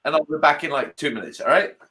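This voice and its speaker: A man's voice: on the high side, pushed and bright. A man chatting casually and then singing a folk song in dialect to his own guitar, stopping and restarting when he forgets the lyrics. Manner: halting, keeps restarting after forgetting lyrics. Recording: guitar heard behind the voice.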